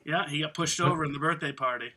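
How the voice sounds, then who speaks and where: A man's voice: fairly high pitch, fast talker, noisy background. A man hosting a casual podcast, announcing tournament brackets playfully and chatting with co-hosts. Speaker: podcast host.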